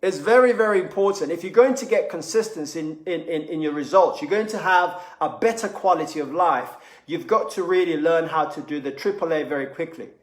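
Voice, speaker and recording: A man's voice: fairly high pitch, a little fast, hardly any pauses, reverberant. A man giving a motivational talk, repeating phrases for emphasis and acting out quoted speech. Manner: repetitive, emphatic, acts out quoted voices. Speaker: motivational speaker.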